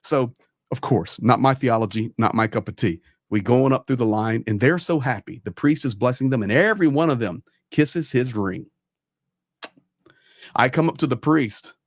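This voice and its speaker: A man hosts a casual online talk in an emphatic, storytelling manner, hammering his points home by saying them again. His voice sits at an ordinary middle pitch. The recording is dry and close, with no room sound around him. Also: moderate pace, no echo. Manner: emphatic, repeats points for stress. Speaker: host.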